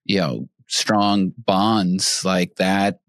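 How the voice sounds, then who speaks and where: A man with a low voice hosts an interview, probing gently and affirming his guest. The dry, close sound carries no room echo. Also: extremely slow. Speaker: podcast host. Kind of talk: interview conversation.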